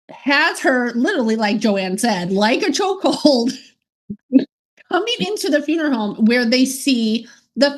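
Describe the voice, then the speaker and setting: A woman co-hosting a podcast, chatting casually and laughing often as she recaps an old sitcom episode. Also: on the high side. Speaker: podcast co-host.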